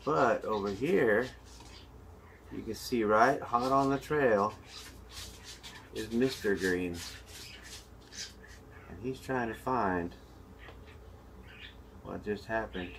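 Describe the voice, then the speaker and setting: Slow-talking low-voiced zookeeper. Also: male voice, vocal fry, slight background noise, rough recording. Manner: chatty and joking, with sudden loud playful outbursts. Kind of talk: live commentary on a snake feeding.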